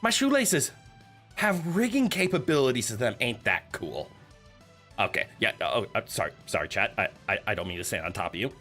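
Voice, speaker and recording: A man's voice: lowish voice, animated, a little fast, pushed and bright, soft background music. A man streaming live, chatting casually with his viewers in a nervous, joking, giggly way. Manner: chatty, joking, talks to chat.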